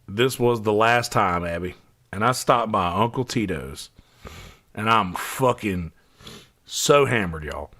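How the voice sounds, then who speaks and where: A man's voice: on the low side, fairly bright tone. A man, hosting a podcast and telling a long personal story in a loose, profane, rambling way, full of restarts. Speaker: podcast host. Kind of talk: casual storytelling monologue.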